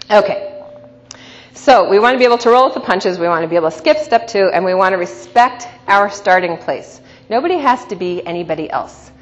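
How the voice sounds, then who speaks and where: A woman teaching a class as a coach, telling lively stories and often checking in with "right?". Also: mid-range voice, normal speed. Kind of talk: storytelling lecture to an audience. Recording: dull recording in a reverberant hall, faint noise.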